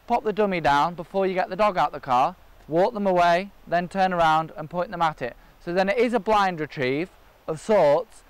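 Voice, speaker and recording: High-voiced dog trainer outdoors. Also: male voice, clear, resonant tone. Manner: practical, explains step by step. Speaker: gundog trainer. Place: outdoors in a park and by a river.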